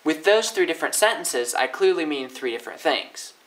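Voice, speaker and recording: A young man teaching linguistics in a casual, upbeat way, often swinging his pitch up and down to demonstrate. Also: animated, a little fast, fairly bright tone, rough recording. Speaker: language teacher. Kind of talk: casual educational explainer.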